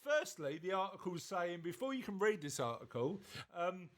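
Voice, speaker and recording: A man's voice: sits high, very animated, normal speed. A man from southeast England co-hosting a podcast, chatting casually and reading news aloud in a jokey way that stumbles over words. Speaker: podcast co-host.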